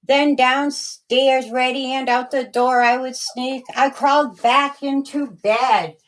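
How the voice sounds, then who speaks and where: A woman reads her own rhyming children's story aloud, lingering on each line in a sing-song storytelling rhythm. Her voice sits high and her pace is slow and careful. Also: fairly even intonation. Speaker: storyteller and author.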